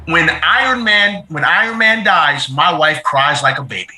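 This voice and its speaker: Chatting casually on a show, a middle-aged man tells stories with animation and feeling, repeating his phrases. His fairly high voice moves at a moderate pace, recorded with a roomy echo and crowd noise.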